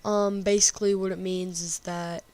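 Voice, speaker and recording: A woman's voice: fairly low pitch, flat delivery, normal speed, a little mellow, no echo. A woman giving casual, sarcastic gameplay commentary and reading game text aloud, swearing freely. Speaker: game streamer.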